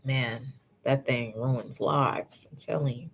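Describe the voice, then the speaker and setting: A woman's voice: rumbling low, fairly even intonation, slow, a little hiss or hum. A woman giving natural hair advice in a casual livestream, breaking off to greet chat viewers by name and calling them sis and love. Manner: warm, chatty, answers live chat by name, calls viewers sis and love.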